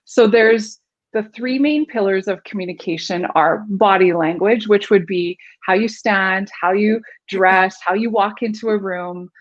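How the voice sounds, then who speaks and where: A woman's voice: mid-range voice, unhurried, lo-fi sound. A woman guest explaining communication and vocal delivery in an interview, demonstrating her points with her own voice. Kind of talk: instructive interview talk.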